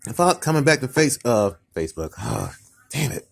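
A man's voice: medium pitch, very animated, gravelly. Tired, upset man ranting on a vlog. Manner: halting and repetitive, frequent restarts and fillers. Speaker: vlogger. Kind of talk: casual mukbang vlog talk.

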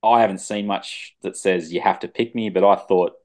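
A man's voice: low voice, steady tone, normal speed, a little mellow. A man co-hosting a rugby league podcast over a video call, chatting casually with laid-back, joking banter. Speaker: podcast co-host. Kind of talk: casual sports chat.

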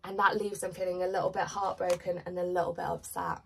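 A woman's voice: lowish voice, little pitch movement, quick pace, gravelly, distant mic, a little hiss or hum, rough recording. A woman giving a chatty, rambling pick-a-card tarot reading while congested with a cold. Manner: chatty, rambling, filler-heavy. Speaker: tarot reader.

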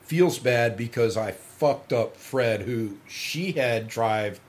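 A man's voice: medium pitch, lively intonation, slow pace. Middle aged guy spinning foul-mouthed bar stories, cocky, voice jumps all over when he acts out the cops. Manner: profane, swaggering, acts out quotes with laughs. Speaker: podcast guest storyteller. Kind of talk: crude casual storytelling.

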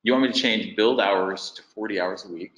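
A man's voice: lowish voice, fairly quick, fairly bright tone, reverberant, poor audio. A man presenting a business webinar, thinking aloud as he walks through figures on screen.

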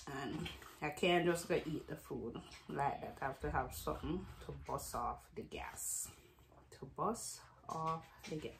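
A woman's voice: low-pitched, gravelly, a little hiss or hum. A woman with a Jamaican accent chatting casually to her vlog camera in a loose, rambling patois-laced way. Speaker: vlogger.

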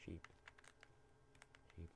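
With drawn-out words against a noisy background, this young man narrates his gameplay as a gaming YouTuber. His commentary is casual and wandering, peppered with swearing and remarks aimed at the characters on screen.

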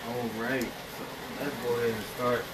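A man from Virginia, a chef, calmly explaining his cooking steps in a home kitchen. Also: medium pitch, normal speed. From Virginia, USA. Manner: relaxed, explains each cooking step plainly. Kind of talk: casual cooking demonstration. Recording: loud background noise in a kitchen.

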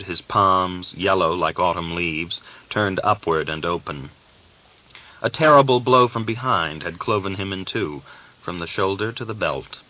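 A man narrating an audiobook in a measured, dramatic manner. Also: low-pitched, dull audio.

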